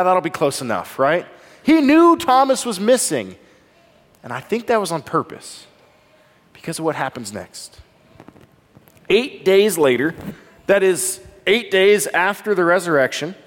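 A man preaching a sermon as pastor, earnest and conversational, often asking his listeners rhetorical questions. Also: sits high. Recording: long reverb of a large hall.

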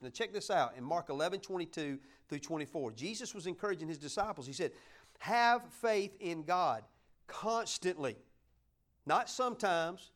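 A man's voice: on the high side, a bit bright. A man preaching a folksy sermon, joking with his congregation and asking them to help him along. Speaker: pastor.

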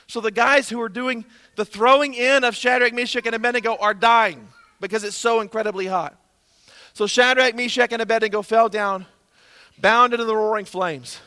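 A male pastor preaching with eager, exclamatory energy, his voice pitched high and ringing bright. He is recorded in a church hall whose long reverb trails after each phrase. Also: steady tone, normal speed. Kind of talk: sermon.

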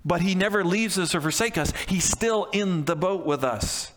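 A man's voice: sits high, moderate pace, a bit bright, in a large hall, a little hiss or hum. A man preaching a sermon as pastor, talking in a conversational way with frequent restarts and emphatic repeats. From Canada.

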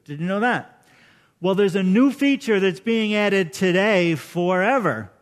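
A man's voice: high voice, expressive, unhurried. A man in his fifties preaching a sermon as pastor, chatty and emotional, often putting questions to the congregation.

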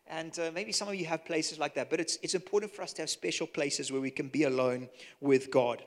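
A man with a Zimbabwean accent preaching a sermon, earnest and storytelling, sometimes dropping to a soft hush for emphasis. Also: fairly high pitch, fairly even intonation, a little fast. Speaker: pastor.

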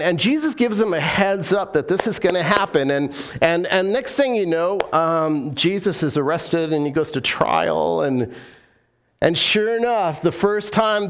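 A man preaching a sermon as pastor, telling stories in a casual, joking way with many restarts. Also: high-pitched.

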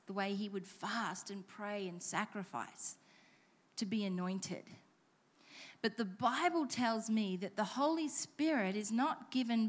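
A woman preaching a sermon in church, telling stories with playful self-deprecating asides. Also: medium pitch. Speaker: pastor.

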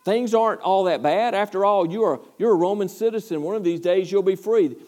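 A man's voice: sits high, brisk, mellow, voice pushed up, natural voice. A man voicing a kindly Roman prison guard who cheerfully reassures a prisoner. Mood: reassuring.

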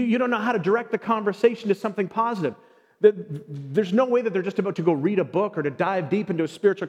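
A man giving a sermon in an animated way, often acting out short everyday exchanges. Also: high-pitched. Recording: long reverb.

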